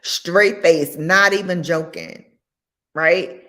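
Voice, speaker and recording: A woman hosting a casual commentary vlog, blunt and sassy, with animated asides. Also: on the low side, takes it slowly. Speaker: host.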